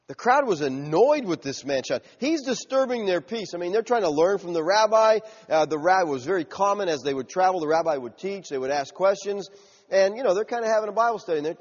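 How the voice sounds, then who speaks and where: A man preaching a sermon in a lively, animated way, now and then acting out the shouts of the people in his story. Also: high-pitched, fast talker. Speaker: pastor. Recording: muffled sound with long hall reverb.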